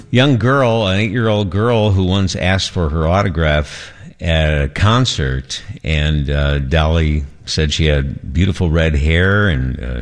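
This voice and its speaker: A male morning news anchor with a very low voice. He chats loosely through the segment, sprinkling in fillers as he hands off to a correspondent. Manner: chatty, with frequent fillers.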